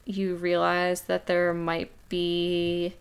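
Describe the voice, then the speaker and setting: A woman's voice: fairly low pitch, monotone, drawn-out words, smooth. A woman co-hosting a casual book discussion, rambling with many fillers and restarts. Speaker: podcast co-host.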